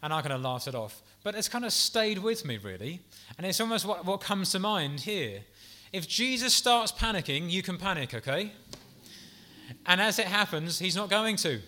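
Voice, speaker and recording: Bright-toned man preaching a gentle sermon. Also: high voice, sing-song, brisk, hardly any pauses. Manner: gentle, earnest, pastoral; soft asides with some restarts.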